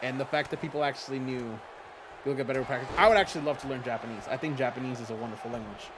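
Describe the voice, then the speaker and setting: Talking very fast at a medium pitch, a man hosting a fantasy wrestling league livestream plays commentator on a wrestling game. He keeps up a chatty, playful back-and-forth with chat, and the background is noisy.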